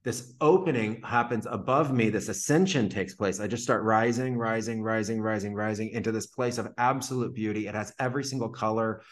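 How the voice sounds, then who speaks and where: A man's voice: fairly low pitch, brisk, few pauses. A man being interviewed as a podcast guest, telling a long personal story casually with lots of "like" fillers. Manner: vivid retelling full of "like" fillers.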